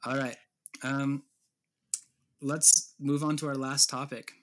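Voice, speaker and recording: A man's voice: medium pitch, little pitch movement, slow. Dry-witted young podcast guy. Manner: dry, wisecracking, leads the segments. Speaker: podcast co-host. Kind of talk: casual podcast chat.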